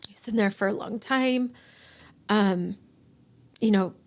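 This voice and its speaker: A woman in her forties, a podcast guest, telling an emotional personal story in a halting way, with restarts and acted-out quotes. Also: medium pitch.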